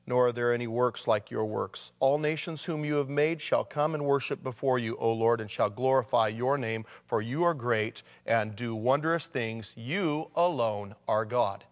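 Man preaching in a reverberant hall. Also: mid-range voice. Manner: conversational preaching, reads scripture aloud with emphasis. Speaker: pastor. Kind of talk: sermon.

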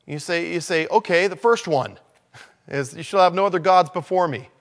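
A man preaching a conversational sermon, dropping to low murmurs and then rising to loud, emphatic lines. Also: moderate pace. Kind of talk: sermon on evangelism.

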